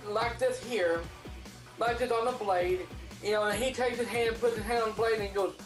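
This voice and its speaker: A movie reviewer recapping a film in casual, profane speech, full of restarts and acted-out character lines. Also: mid-range voice. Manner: rambling, profane retelling with many restarts; acts out characters' lines in a raised voice. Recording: roomy echo, faint music behind.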